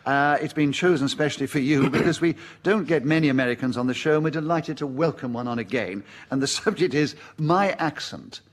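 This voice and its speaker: A man's voice: a little high, a little fast, few pauses. A man chairing a live radio comedy panel game, genially announcing challenges and points.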